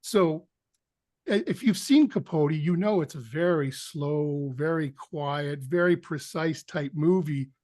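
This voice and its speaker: Guy telling a story on a podcast, higher voice, dry close sound, acts out the bits. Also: takes it slowly, no room sound. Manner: animated anecdote teller, acts out quotes. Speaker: actor guest. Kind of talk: storytelling in an interview.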